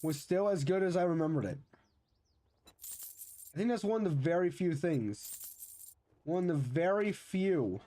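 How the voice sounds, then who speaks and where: A man's voice: fairly high pitch, lively intonation, measured pace, pauses often, dark tone. A young man streaming a game, chatting casually and rambling with many restarts. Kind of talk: casual chat while gaming.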